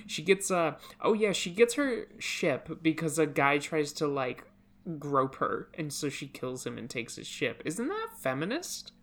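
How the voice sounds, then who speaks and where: A woman's voice: deep voice, big pitch swings, unhurried. A woman in her late twenties, co-hosting a casual podcast, sarcastic and full of "like" fillers and swearing. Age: 20s. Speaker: podcast co-host.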